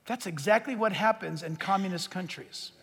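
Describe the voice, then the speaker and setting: A man's voice: high-pitched, moderate pace, a little hiss or hum. A man preaching a sermon from a stage, fervent and emphatic, repeating phrases for stress. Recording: long reverb of a big hall.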